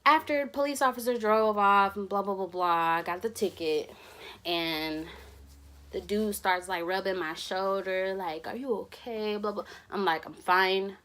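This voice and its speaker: A woman's voice: medium pitch, moderate pace, a bit bright. A young woman tells a story on her vlog, laughing and acting out the dialogue. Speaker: vlogger.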